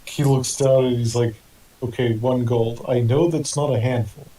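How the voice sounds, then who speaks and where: A man's voice: mid-range voice, steady tone, normal speed, dark tone. A man playing a tabletop game, describing his character's actions in third person. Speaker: player. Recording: distant mic with faint hiss.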